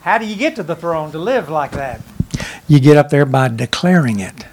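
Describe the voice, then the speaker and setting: A middle-aged male pastor preaches with a fairly high voice. He builds fervent, rhythmic declarations, repeating phrases in a steady cadence. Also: normal speed. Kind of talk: sermon.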